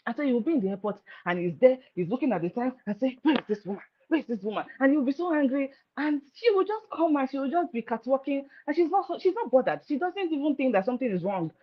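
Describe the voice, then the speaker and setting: A married woman giving informal marriage advice, telling stories with lively delivery and acting out what people said. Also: high voice, fast talker, few pauses. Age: adult, married. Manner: lively storytelling, acting out quoted voices. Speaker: marriage speaker. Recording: dull lo-fi sound.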